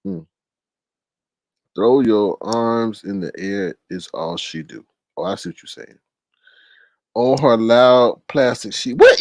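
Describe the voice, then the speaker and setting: A man hosting a casual live-stream commentary, animated and laughing, with exaggerated high-pitched repeats of words. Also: normal speed, no echo. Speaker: commentary channel host.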